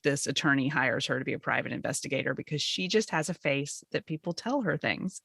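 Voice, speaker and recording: A woman's voice: low-pitched, animated, fairly quick, gravelly, a bit bright, slightly rough, dry recording, clean studio sound. A middle-aged woman co-hosting a podcast, chatting enthusiastically and laughing often. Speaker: podcast co-host. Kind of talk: casual chat.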